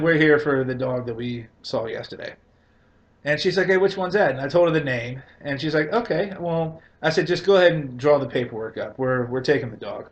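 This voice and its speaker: A man's voice: a little high, muffled recording. A man telling a long casual comic rant about his life, loose and profane, laughing between lines. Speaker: comedian telling a story.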